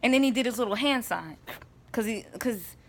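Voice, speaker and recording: A woman's voice: fairly high pitch, animated, moderate pace. A woman giving a casual faith talk to camera, chatty and emphatic, often checking in with her listeners. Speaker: vlogger.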